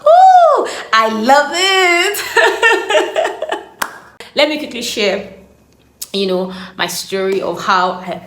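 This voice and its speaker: Giggly woman vlogging in an echoey room. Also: mid-range voice. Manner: animated and giggly, laughing often. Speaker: faith vlogger. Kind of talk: casual devotional vlog. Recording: echoey room, faint background hum.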